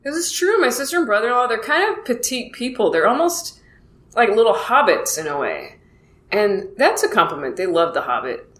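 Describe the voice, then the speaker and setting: A woman's voice: a little high, big pitch swings, moderate pace, a bit bright. A woman in her thirties, rambling casually through a solo comedy monologue, acting out quoted exchanges in a self-deprecating way. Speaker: comedian podcast host. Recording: echoey room with faint noise.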